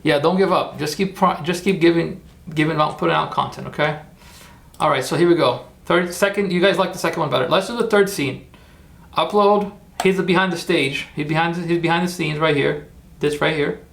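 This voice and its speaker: Fairly quick and a bit bright, with a creaky, fairly high voice, this livestream host keeps things casual, rambling as he explains each step to viewers and cheers them along.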